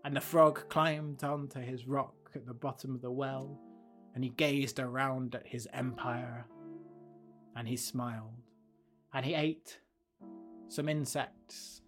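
A man hosting a podcast, telling a fable and then reflecting on it in a gentle, thoughtful way. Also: medium pitch, fairly even intonation, takes it slowly, soft background music. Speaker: podcast host. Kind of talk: storytelling and reflective commentary.

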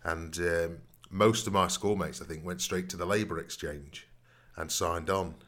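A man's voice: low voice, steady tone, unhurried, a bit bright. A man telling long, rambling stories in a casual podcast chat, often adding "you know what I mean". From Nottingham, England. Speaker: podcast co-host.

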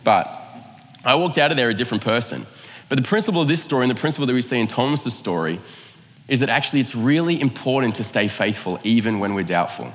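A man's voice: medium pitch, animated, fast, a bit bright, big-room sound. A man preaching a sermon, telling a personal story in a conversational, self-mocking way and acting out the lines of the people in it. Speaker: pastor.

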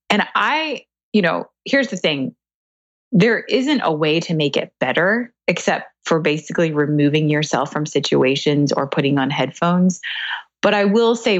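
A woman's voice: sits low, no echo, highs cut off. A woman guest in a casual podcast chat, talking candidly and laughing often.

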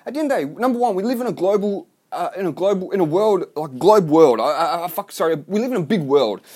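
A man's voice: high-pitched, lively intonation, quick pace, a little mellow, husky. A man delivering a blunt, profane, rambling rant to his online business followers. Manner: rambling with restarts. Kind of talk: ranting vlog monologue.

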